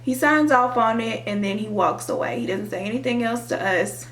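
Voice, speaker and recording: A young woman vlogger telling a dramatic, profane storytime while doing her makeup, animated and expressive. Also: a little high, normal speed. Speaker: beauty vlogger. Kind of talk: storytime chat during a makeup tutorial.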